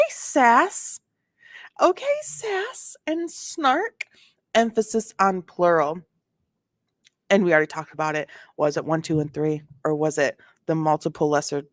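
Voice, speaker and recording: A woman with a somewhat low voice talks casually, reading legal documents aloud and breaking off into animated, sassy asides. She often restarts her sentences. The recording is dry and close, with no room sound. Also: no room sound. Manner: reads documents aloud, then reacts with sass. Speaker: commentator reading court filings. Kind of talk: casual commentary vlog.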